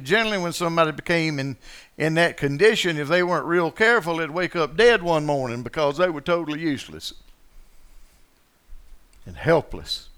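A man preaching a sermon with a bright, forceful, ringing voice. He talks in a folksy, conversational way, puts questions to the congregation, and swings from hushed asides to loud, impassioned bursts. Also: fairly high pitch, clear, resonant tone. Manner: preaching with swings from quiet asides to loud, passionate acted quotes. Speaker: pastor.

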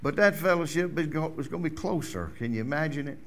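Pastor preaching, high-pitched voice, gets loud then drops real quiet. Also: male voice, fast. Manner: swings between ringing loud declarations and hushed near-whispers. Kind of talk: sermon.

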